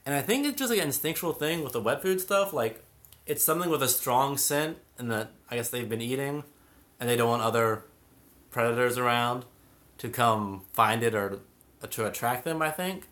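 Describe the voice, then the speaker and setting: A man's voice: mid-range voice, lively intonation, moderate pace, a bit bright. A young man hosting a casual live stream about cats, chatting and reading out viewer comments. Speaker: cat channel host.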